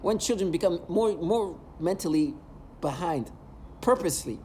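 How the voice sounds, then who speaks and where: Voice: mid-range voice, expressive, moderate pace, darkish tone, a little hiss or hum. A vlogger ranting in an agitated, emotional monologue, hurling repeated insults.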